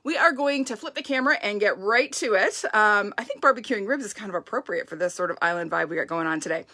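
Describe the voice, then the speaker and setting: Bright-voiced chatty woman. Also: mid-range voice, expressive, quick pace. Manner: chatty, upbeat, greets viewers by name. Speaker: stamping craft demonstrator, host. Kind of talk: casual live craft demo chat.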